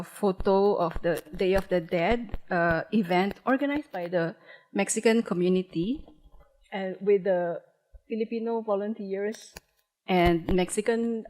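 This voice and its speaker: A museum presenter, a woman, wraps up her lecture in an auditorium and introduces a guest. Her voice sits at a middle pitch. Her delivery is formal and measured, with a few fillers. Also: a little mellow, low-quality recording.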